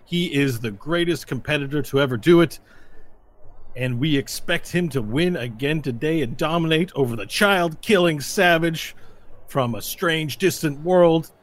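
A man's voice: a little high, pitched above the performer's own voice, natural voice. A man voicing a showy male tournament announcer who hypes the crowd. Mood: hyping. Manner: showy, drawn-out.

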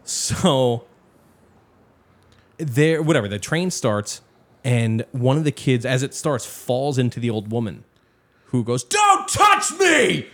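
A young man telling a story in casual chat, animated and swearing often, acting out other people's lines. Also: mid-range voice, slow pace, long pauses.

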